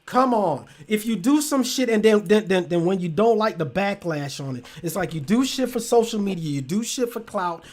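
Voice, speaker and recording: High-voiced man ranting heatedly. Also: expressive, normal speed, few pauses, a little mellow. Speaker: show host. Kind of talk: casual podcast commentary.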